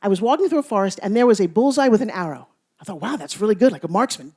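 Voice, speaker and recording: A woman giving a motivational speech to a live audience, telling stories with playful teasing and swinging between loud bursts and hushed asides. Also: medium pitch, animated, rapid-fire. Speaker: motivational speaker.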